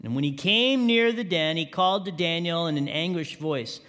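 A man's voice: a little high, moderate pace, sharp tone. A male pastor preaching a sermon, often asking the congregation questions. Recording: long reverb of a large hall.

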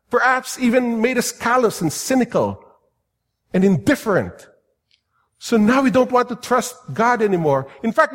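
A man preaching a sermon in a lively, animated way, now and then acting out comic voices. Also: high-pitched, big-room sound. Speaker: pastor.

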